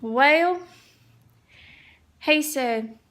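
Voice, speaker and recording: A woman's voice: sits high, expressive, very slow, a bit bright. A woman, chatting to viewers in a casual home cleaning vlog and telling a story from her kitchen. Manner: chatty, tells stories to viewers. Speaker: vlogger.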